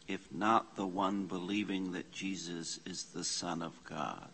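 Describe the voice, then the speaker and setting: Guy teaching a church greek class, slow and deliberate, lowish bright voice. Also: steady tone, husky. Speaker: Bible study teacher. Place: church meeting room.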